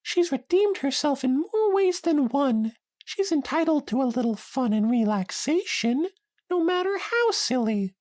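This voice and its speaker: A man voicing a shy, gentle pony girl who talks timidly and stammers. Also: very high voice, animated, unhurried, no room sound, voice pushed up.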